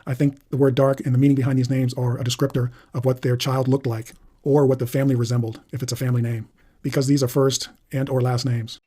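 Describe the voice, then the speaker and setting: A man's voice: medium pitch, level tone, fast, warm tone, a little hiss or hum. A man reading through a list of names and their meanings, explaining each in turn. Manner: plain, explanatory, reading aloud item by item.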